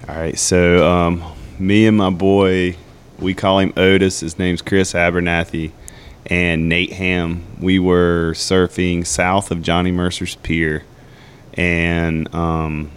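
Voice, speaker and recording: Deep smooth-voiced middle-aged man. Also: flat delivery, slow pace. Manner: easygoing, laughing anecdotes. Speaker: guest. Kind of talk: casual chat.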